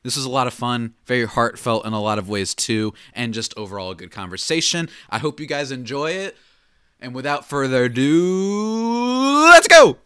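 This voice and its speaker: Man, podcast host, bright tone, dry close mic, upbeat casual delivery. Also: medium pitch, a little fast, hardly any pauses, clean tone, no room sound. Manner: upbeat, hyped intro with big swoops. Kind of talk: casual sports podcast talk.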